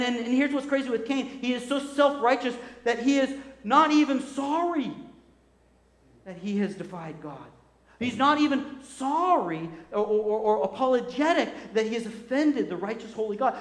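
A man preaching a sermon as pastor, animated and acting out the voices he quotes. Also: extremely high pitch. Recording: echoey hall.

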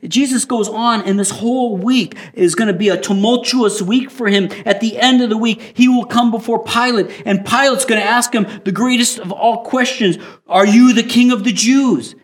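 A man preaching a sermon, his voice pitched a little higher than most men's. He reads scripture slowly and with deliberate emphasis, the way a pastor talks to an online congregation. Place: recorded for online viewers.

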